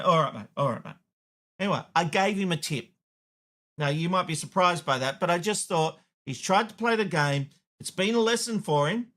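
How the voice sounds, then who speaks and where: Aussie bloke on tv having a rant, tells stories doing all the voices, fairly high voice. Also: male voice, a bit bright. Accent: Australian. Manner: blunt, storytelling with acted-out dialogue. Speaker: TV host. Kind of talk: opinion rant to camera.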